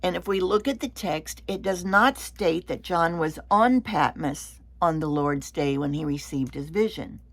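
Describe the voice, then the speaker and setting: Slow, gravelly-voiced woman teaching Bible study. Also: sits low. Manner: slow, deliberate explaining with repeated words. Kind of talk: unscripted Bible study lesson.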